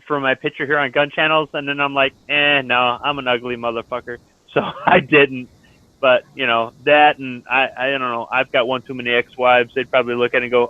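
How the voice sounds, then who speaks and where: A man's voice: mid-range voice, no room sound. A middle-aged man, a Marine veteran, telling stories in blunt, profane casual chat. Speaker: Marine veteran chatting in an online lobby. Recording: tinny phone-like voice chat.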